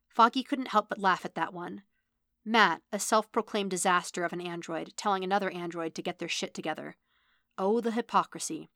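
A woman reading a fan fiction story aloud as narration, in a steady, even delivery. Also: on the low side, fairly quick, no echo, clean studio sound. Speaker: podfic reader.

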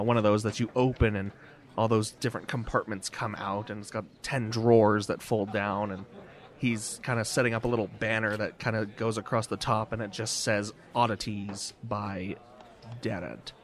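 A man narrating a tabletop game as game master, casual and rambling. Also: lowish voice. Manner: casual, rambling, with fillers and laughs.

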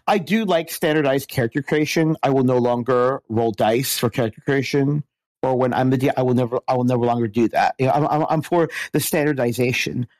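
Hoarse man, lost his voice. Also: a little high, no room sound. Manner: rambling, many restarts and fillers. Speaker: podcast guest. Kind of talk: casual podcast chat.

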